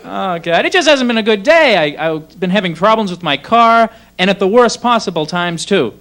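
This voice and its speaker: A man's voice: high voice, expressive, normal speed, fairly bright tone. A man doing a sarcastic stand-up comedy set, drifting into mock voices. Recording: 1980s cable TV club recording.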